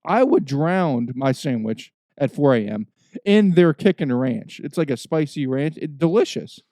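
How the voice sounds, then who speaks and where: In casual podcast chat, the young male host rants his way through a profane story, dropping to low mutters and then erupting loudly. His intonation is lively and his pace unhurried, in a dry recording.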